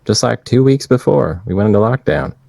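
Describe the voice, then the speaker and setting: An actor playing a slow-talking, clueless newlywed man who stumbles through halting restarts. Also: mid-range voice, expressive, gravelly, a little mellow, slightly rough, no room sound, full character voice. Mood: sheepish. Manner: speaks slowly with halting restarts. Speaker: guest. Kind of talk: improvised comedy.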